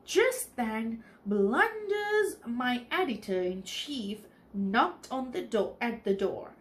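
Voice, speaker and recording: Teacher lady from the maldives reading a storybook out loud, slow and really animated. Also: fairly high pitch. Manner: expressive, explains as she reads. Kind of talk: reading a storybook aloud on an educational TV lesson.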